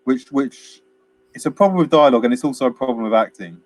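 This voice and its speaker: A man's voice: medium pitch, expressive, quick pace, darkish tone. A man co-hosting a casual film chat, rambling through scenes, laughing often and acting out bits of dialogue. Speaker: film podcast co-host.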